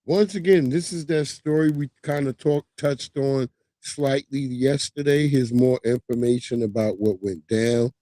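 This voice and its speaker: A man's voice: mid-range voice, measured pace, dry recording. A man in his thirties hosting a livestream, giving loose, profane, casual commentary on news clips. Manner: loose, profane, animated storytelling. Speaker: livestream host.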